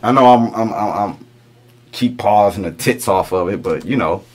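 A man's voice: on the low side, normal speed, very noisy. A middle-aged man hosting a reaction video, talking casually, repeating lines back to himself and chuckling as he muses over them.

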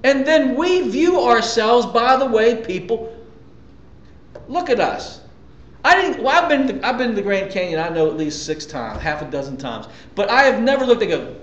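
A man's voice: very high voice, very animated, normal speed, long pauses, echoey room. A man preaching a sermon as a pastor, talking conversationally with emphatic repetitions and rhetorical questions to his listeners.

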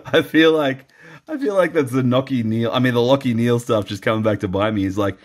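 Male card-opening vlogger, chatty and self-mocking, mid-pitched. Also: brisk. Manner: playful, self-mocking, laughs often, pleading. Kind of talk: casual vlog commentary.

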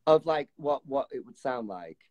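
A man's voice: medium pitch, expressive, moderate pace, darkish tone. A man, joining a live stream by phone as a guest, eager, giggly and self-deprecating. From England. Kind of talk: casual live-stream chat.

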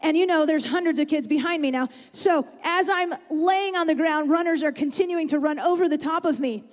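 A woman's voice: sits high, fairly quick. A woman preaching a sermon in a church, chatty and often asking the congregation questions. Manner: conversational, asks the audience questions. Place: church sanctuary. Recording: long reverb in a church hall.

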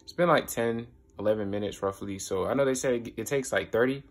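A man's voice: on the low side, quick pace, noisy background. Young man, vlogger, loose slangy delivery, recorded on a handheld phone indoors. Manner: loose slangy talk, keeps asking "you get what I'm saying". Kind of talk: casual vlog to camera. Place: indoors in a room at home. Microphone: handheld phone camera.

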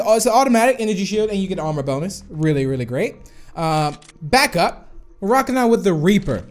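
A young man with a high, bright voice commentates his own shooter match, chatting to viewers and breaking into excited whoas and cheers. Faint music plays under him while he talks into a desk mic. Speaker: gaming YouTuber. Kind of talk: live gameplay commentary.

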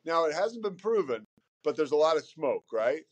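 A man talking casually as a podcast guest, animated and rambling, often repeating words as he starts a thought. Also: a little high, normal speed, lo-fi sound. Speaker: podcast guest, sports broadcaster. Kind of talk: casual conversation.

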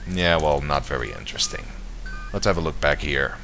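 A man's voice: extremely low pitch, very animated, moderate pace, sharp tone, faint music behind. A man commenting casually on a video game he is playing, joking and reading game text aloud. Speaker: let's play commentator.

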